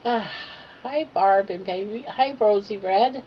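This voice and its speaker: Slow-talking older woman on a lo-fi home stream. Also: medium pitch. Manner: chatty, talks to her pet in a cooing voice. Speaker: livestream host. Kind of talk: casual livestream chat. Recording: dull lo-fi home stream audio with faint hiss.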